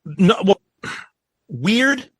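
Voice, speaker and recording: A man's voice: sits high, sing-song, very slow, fairly bright tone, slightly rough, no echo. A man co-hosting a podcast in casual chat, hesitant, with many ums and restarts. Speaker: podcast co-host.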